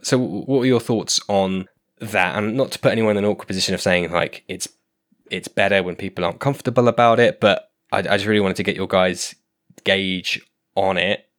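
Deep-voiced hesitant male podcast host. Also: fairly even intonation, a little fast, a bit bright. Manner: hesitant, repeats words while asking. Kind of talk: casual group discussion.

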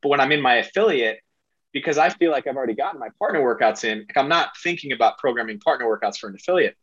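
A middle-aged man speaking as a podcast guest, rambling and excitable, with a self-deprecating manner. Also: mid-range voice, quick pace, husky, no echo, dull audio. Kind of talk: casual interview talk.

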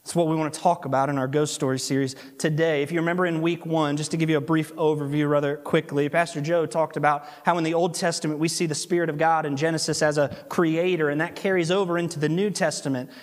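A man preaching a sermon as pastor, telling stories with animated delivery and slowing down for emphasis. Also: a little high. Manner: animated storytelling, slows for emphasis. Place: church sanctuary. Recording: long hall reverb.

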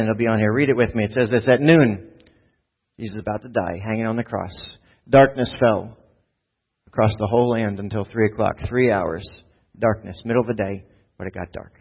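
A man's voice: lowish voice, brisk, husky, dull audio. A man giving a sermon as a pastor, talking in a casual, conversational way and putting questions to the congregation.

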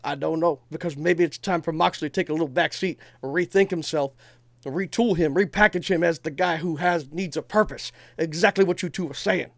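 A man's voice: a little high, brisk, no room sound. A man in his thirties co-hosting a casual chat, talking emphatically, swearing and telling stories with energy. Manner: emphatic, swearing, animated storytelling. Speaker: podcast co-host.

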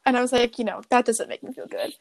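A teenage girl in casual chat, her voice sitting a touch high. She talks in a slangy, chatty way and laughs often as she goes. The conversation stays loose and friendly throughout. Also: steady tone, fast, a crowd in the background. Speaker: guest.

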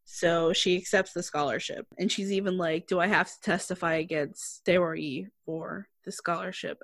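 A woman's voice: fairly low pitch, moderate pace, few pauses, no room sound. Female co-host, casual recap voice, laughs a lot, dry close sound. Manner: chatty, laughs often, quotes characters in flat asides. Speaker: podcast co-host recapping a drama. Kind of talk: casual chat.

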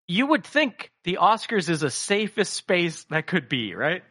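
A man talks casually in a comedy chat, rambling from point to point. His voice is bright and forward, and his pitch jumps around animatedly. He swears freely and slips into little acted-out voices. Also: big pitch swings, measured pace, few pauses, breathy edge. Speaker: podcast co-host.

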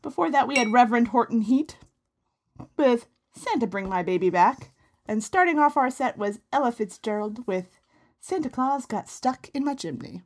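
Lively, playful woman co-host. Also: a little high, moderate pace. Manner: playful, teasing, deadpan jokes. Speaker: podcast co-host. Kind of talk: casual comedic banter.

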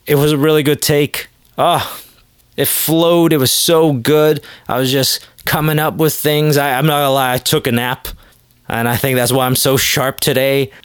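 A man's voice: mid-range voice, clean tone, dry recording, studio quality. A man hosting his own podcast alone, rambling in a casual, self-deprecating way with plenty of swearing. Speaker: podcast host. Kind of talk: casual solo podcast monologue.

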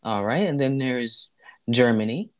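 Male co-host, mid-pitched, playful mock-formality, easygoing. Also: measured pace. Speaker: podcast co-host. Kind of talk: casual comedic banter.

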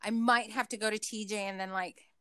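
A woman in casual chat, relaxed and soft-spoken, with hedging fillers. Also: mid-range voice, a little fast, clean tone, dry recording.

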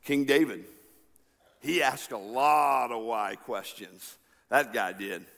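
A male pastor preaching a sermon, swinging between loud passionate cries and quiet, slow asides. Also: medium pitch. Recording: long reverb of a large hall.

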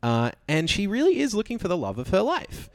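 This is a man co-hosting a casual podcast, chatty and quick to laugh. His pitch rises and falls a lot as he talks. The sound is dry and close, with no room around him. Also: huge pitch swings, no echo. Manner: chatty, laughs often, many fillers. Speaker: podcast co-host. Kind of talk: casual recap chat.

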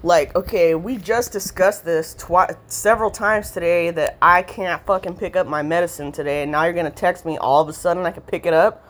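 A woman's voice: fairly low pitch, a little fast, few pauses. A woman vlogging a profane, rambling rant, heated and swearing constantly as she vents.

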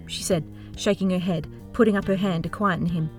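A woman reading an audiobook in an expressive, dramatic narration style. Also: lowish voice, a little fast, hardly any pauses. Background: faint music.

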